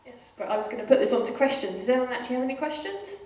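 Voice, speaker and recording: A British woman hosting a convention panel, chatting in a quick, easy way. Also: sits high, very animated, darkish tone. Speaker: panel host. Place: convention hall. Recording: echoey hall from far off, faint noise.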